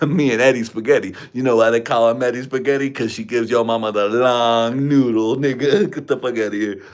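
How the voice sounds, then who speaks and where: A man's voice: medium pitch, moderate pace. A man hosting a livestream from a room at home, talking crude, rambling trash into a desk mic. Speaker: livestream host. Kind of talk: crude casual livestream chat. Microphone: desk microphone.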